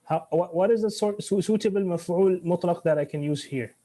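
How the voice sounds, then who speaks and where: A man's voice: high voice, fast talker, dark tone. A man teaching Arabic grammar in an online class, switching between English and Arabic, restarting phrases and quizzing his students.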